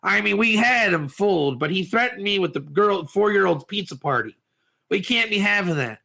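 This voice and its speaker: A man teaching a lively class, acting out little scenes and asking his listeners questions. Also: high-pitched, normal speed, vocal fry. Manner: animated, acts out quotes, asks audience questions. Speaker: Torah teacher.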